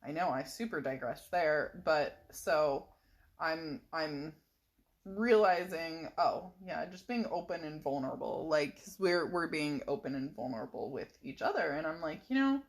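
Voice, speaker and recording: A woman's voice: sits low, expressive, unhurried. A middle-aged woman casually telling a rambling personal story in a vlog, full of fillers and little laughs. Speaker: vlogger.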